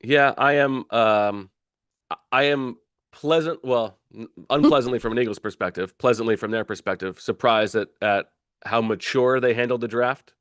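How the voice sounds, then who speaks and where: A man's voice: mid-range voice, fairly bright tone, smooth, no echo. Man with a dry studio sound. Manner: opinionated, halting restarts. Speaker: guest sports commentator. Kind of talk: casual sports talk.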